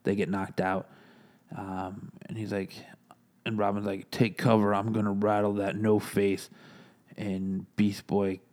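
A man's voice: fairly low pitch, monotone, measured pace, darkish tone. A man casually recapping and reviewing comic books, rambling with many fillers and retelling the characters' lines in his own plain voice.

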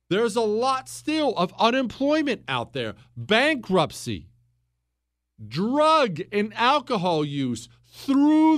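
A man's voice: very high voice, no room sound, studio quality. A man hosting a political talk show, lecturing emphatically and repeating himself for stress. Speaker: podcast host.

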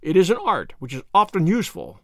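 A man reading aloud, voicing a confident, sharp detective who explains in a measured way. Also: sits high, very animated, no room sound, studio quality, heavily acted. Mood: explaining.

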